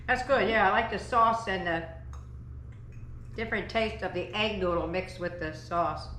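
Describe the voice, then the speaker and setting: A woman's voice: medium pitch, moderate pace, fairly bright tone, reverberant, slight background noise. A woman hosting a casual home cooking vlog from her dining table, upbeat and chatty as she gets her family to taste the meal. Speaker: cooking channel host.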